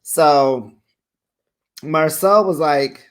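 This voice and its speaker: Speaking extremely slowly, a recap host chats with viewers, whom she addresses as "besties," about a reality TV episode. Her pitch stays in the middle range except for playful upward swings when reacting, and her takes are candid and warm.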